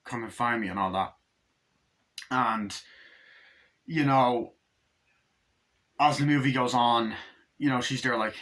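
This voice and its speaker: A man talks through a film he loves in a loose, rambling recap, peppered with swearing. His voice is bright and forceful, and he keeps leaping up into excited, high-pitched impressions of the characters. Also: normal speed, pauses often. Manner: rambling, acts out scenes in jumpy high voices, lots of swearing. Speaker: movie reviewer. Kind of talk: casual movie recap.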